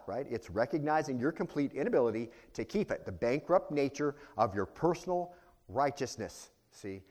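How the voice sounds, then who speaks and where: A male pastor preaches a teaching sermon, frequently asking rhetorical questions. When he voices quoted prayers, his voice climbs higher and grows louder.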